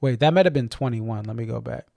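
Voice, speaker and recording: A man's voice: medium pitch, quick pace, creaky, a little mellow, no echo, studio quality. A man with a faint Boston accent, rambling and correcting himself as he hosts a casual live-stream chat. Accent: slight Boston. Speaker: stream host.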